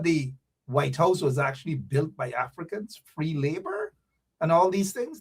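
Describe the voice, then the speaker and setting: A man closes out his live show and speaks straight to his viewers in a preachy, repetitive way. His voice sits a little high for a man. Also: sing-song, a little slow, breathy edge. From Guyana. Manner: preachy, repeats phrases, addresses viewers directly. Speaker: show host. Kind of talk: casual live-stream sign-off.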